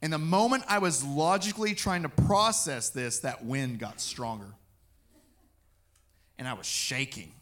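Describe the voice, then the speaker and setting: Bright-voiced man preaching his testimony. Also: on the high side, measured pace. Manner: animated storytelling, acting out his own quotes. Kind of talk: personal testimony sermon.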